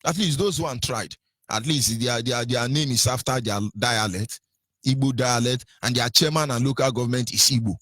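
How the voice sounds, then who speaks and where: A man's voice: mid-range voice, moderate pace, fairly bright tone, dry recording. A man with a Nigerian accent giving impassioned radio commentary, scolding his listeners with repeated rhetorical questions and stumbling over fillers.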